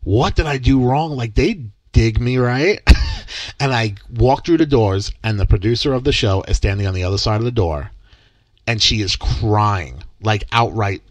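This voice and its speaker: Young male podcast co-host, lower voice, lively storyteller who voices the people he quotes. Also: normal speed, no echo. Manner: animated, acts out quoted dialogue. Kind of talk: casual storytelling chat.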